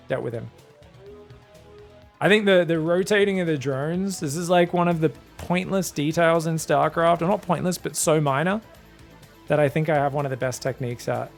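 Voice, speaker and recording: An Australian man giving casual solo play-by-play commentary on an esports match, chatty and thinking aloud, getting excited on big plays. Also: fairly high pitch, vocal fry. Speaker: esports caster.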